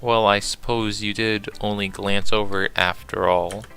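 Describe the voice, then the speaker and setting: A man reading the lines of a shy, bookish teenage girl from a game, soft and polite. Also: fairly low pitch, fairly even intonation, normal speed, clean tone. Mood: thoughtful. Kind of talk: reading game dialogue aloud.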